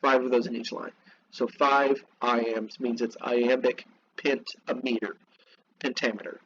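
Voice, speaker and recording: Man teaching a class, slow asides. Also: medium pitch, fairly even intonation, fairly bright tone, lo-fi sound, a little hiss or hum. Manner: slows down to spell out terms, asides to students. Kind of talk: classroom lecture reading from text.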